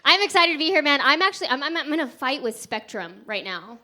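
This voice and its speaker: A woman's voice: high-pitched, big pitch swings, fast talker, sharp tone. A woman from Texas performing a stand-up set at a comedy club, chatty and self-mocking, laughing through her punchlines. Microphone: handheld stage mic.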